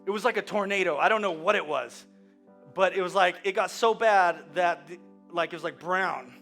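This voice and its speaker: Animated pastor preaching over music. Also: male voice, sits high, moderate pace, gravelly. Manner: animated storytelling, swinging from hushed to loud. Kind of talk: sermon.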